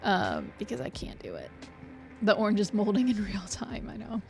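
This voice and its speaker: A woman's voice: medium pitch, wildly swooping pitch, normal speed, gravelly, darkish tone. A young adult woman streaming a game, chatting casually in a rambling way, swearing freely and laughing often. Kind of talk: casual chat while playing a game. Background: faint background music.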